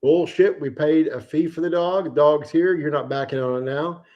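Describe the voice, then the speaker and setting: A fairly high-pitched man spins a long fishing yarn on his livestream. He is casual and salty, and he swears freely as he goes. He tells it with lively energy. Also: moderate pace, dull audio. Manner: animated, profane anecdote-telling. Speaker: livestream host. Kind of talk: casual storytelling.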